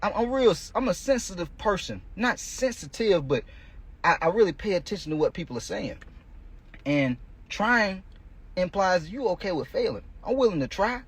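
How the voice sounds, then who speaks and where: A man's voice: sits high, very animated, normal speed, breathy edge. A male coach hosting a podcast, giving a blunt, profane motivational monologue in casual street talk.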